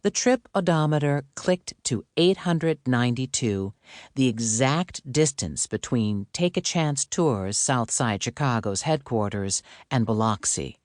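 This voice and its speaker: A woman narrating a cozy mystery audiobook in a measured, deliberate reading. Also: very deep voice, darkish tone, dry recording, studio quality. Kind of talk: scripted narration.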